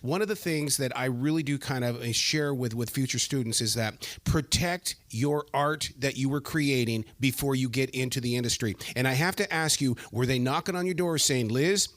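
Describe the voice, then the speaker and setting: A man's voice: medium pitch, normal speed, hardly any pauses, a bit bright, dry recording. Earnest male interviewer, dry sound. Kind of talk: interview questions.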